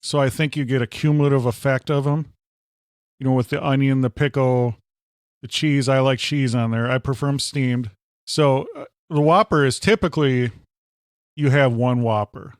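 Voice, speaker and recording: A man's voice: mid-range voice, moderate pace, dry recording, clean studio sound. A man co-hosting a podcast, joking through a food review with playful hyperbole and frequent interjections. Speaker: podcast co-host. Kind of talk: casual food review chat.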